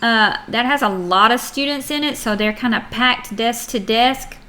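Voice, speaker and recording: A woman with an American accent takes children through a geography lesson, reading aloud and stopping to chat. Her voice sits a little high and has a clear, bright edge. She keeps asking the kids questions as she goes. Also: normal speed, a little hiss or hum. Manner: chatty, reads aloud, asks children questions. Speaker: teacher.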